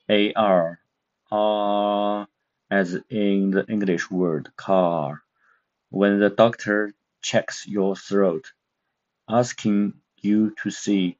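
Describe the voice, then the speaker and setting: A man with a very low voice teaches a language lesson at an unhurried pace. He explains step by step and pauses often to search for words. The recording sounds dull and muffled. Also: a little mellow. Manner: slow, careful, with many fillers and pauses. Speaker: Mandarin teacher.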